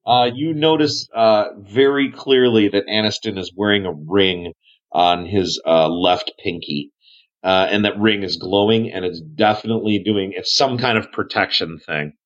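A man's voice: on the low side, normal speed, muffled recording. A man narrating as game master in a casual, loose way, with fillers. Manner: casual, describes actions with fillers.

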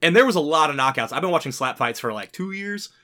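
Male podcast co-host, bright and forceful tone, heated and profane. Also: a little high, lively intonation, quick pace. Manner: heated, swearing rants. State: sick. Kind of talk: casual podcast chat.

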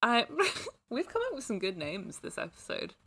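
A woman's voice: mid-range voice, huge pitch swings, normal speed, a bit bright, slightly rough. A woman co-hosting a podcast in casual chat, teasing and laughing, and fishing for praise for her writing. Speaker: podcast co-host and writer.

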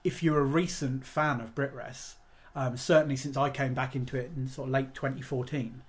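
A man's voice: mid-range voice, steady tone, moderate pace. A man co-hosting a casual podcast chat with dry humour and jokey asides. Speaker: podcast co-host.

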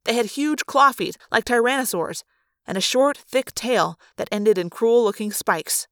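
A woman narrating a first-person adventure story in a fan audiobook, in a steady, expressive storytelling manner. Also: a little high, a little slow, no room sound, clean studio sound.

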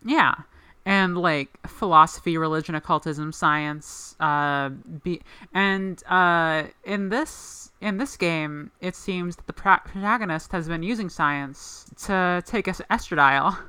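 A woman's voice: fairly low pitch, slow, sharp tone, clear, resonant tone, dry recording. A woman co-hosting a podcast in casual chat, rambling with lots of "like" fillers. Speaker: podcast co-host.

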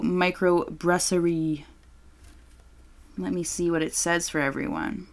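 A woman's voice: fairly low pitch, fairly even intonation, slow pace, pauses often. A young woman co-hosting a podcast, chatting casually in a brash, joking, profane way. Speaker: podcast co-host. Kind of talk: casual chat.

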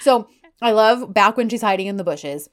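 Woman co-host, animated recap storytelling. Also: mid-range voice, normal speed. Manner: animated storytelling, acts out lines with laughter. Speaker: podcast co-host. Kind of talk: casual chat recapping a romance series.

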